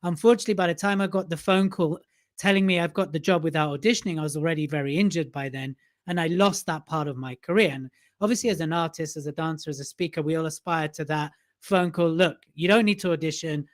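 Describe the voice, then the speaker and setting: A man's voice: on the high side, quick pace. A man hosting a podcast, asking long, reflective questions in a casual chat. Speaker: podcast host.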